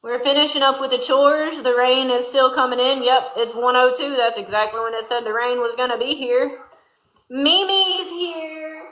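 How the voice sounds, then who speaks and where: A woman's voice: sits high, steady tone, a little fast, fairly bright tone, roomy sound. A woman from Louisiana with a Southern accent and a folksy country twang, hosting a casual farm livestream and chatting with viewers from a barn. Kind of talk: casual livestream chat reading viewer comments. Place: barn during milking chores.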